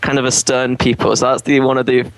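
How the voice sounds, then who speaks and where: Man, casual chat, halting restarts, gravelly voice, dry close sound. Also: mid-range voice, little pitch movement, no room sound, poor audio. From England. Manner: halting, repeats words when starting. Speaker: junior doctor, podcast co-host.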